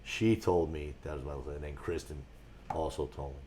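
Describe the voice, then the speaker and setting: A man, a guest on a talk show, telling rambling stories with a lot of restarts and getting animated as he goes. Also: a bass voice, normal speed, a little hiss or hum. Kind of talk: casual storytelling on a talk show.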